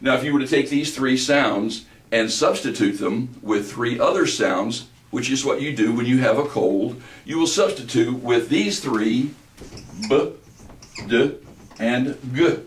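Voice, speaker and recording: A man with a deep bass voice giving a measured, explanatory lecture on vocal delivery. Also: lively intonation. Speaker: voice instructor. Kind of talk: recorded lecture with vocal demonstrations. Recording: roomy, distant mic.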